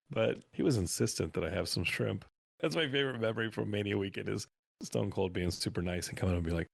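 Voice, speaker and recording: A man on a podcast as a guest, telling animated stories in a casual interview. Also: fairly low pitch, fast, creaky, no echo. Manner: animated anecdotal storyteller.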